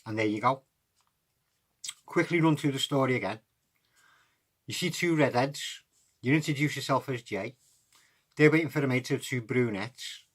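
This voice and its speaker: Man, husky, mid-pitched; relaxed card trick tutor talking through each step. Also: normal speed, pauses often. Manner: relaxed, chatty instructions.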